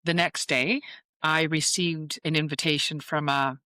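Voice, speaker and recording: A woman's voice: low-pitched, unhurried, dry recording. A woman in her fifties, a psychic medium, telling a personal story as an interview guest and acting out the dialogue. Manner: animated storyteller who acts out quoted dialogue.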